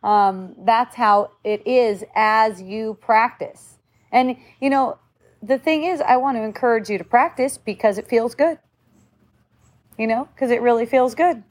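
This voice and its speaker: Higher-voiced woman giving a casual spiritual talk. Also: unhurried. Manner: musing, conversational, acts out quoted voices. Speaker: spiritual teacher.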